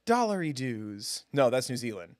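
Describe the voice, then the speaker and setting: A man's voice: medium pitch, big pitch swings, moderate pace, no room sound, studio quality. A man streaming a game live, chatting casually with his viewers in a self-deprecating, giggly way.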